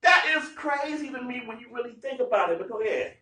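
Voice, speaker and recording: Male Bible teacher, high and lively, slangy and emphatic; echoey room, off mic. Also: fast, recorded from a distance. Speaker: teacher leading a Bible study. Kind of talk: animated sermon-style Bible teaching. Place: gathering room. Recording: echoey room, heard from afar.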